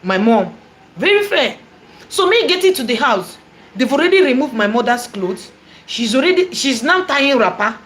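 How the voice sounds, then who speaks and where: A woman with a Nigerian accent, a prophetess telling a personal testimony in an animated, repetitive way, dropping in Igbo phrases. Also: fairly high pitch, a little hiss or hum. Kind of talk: testimony storytelling.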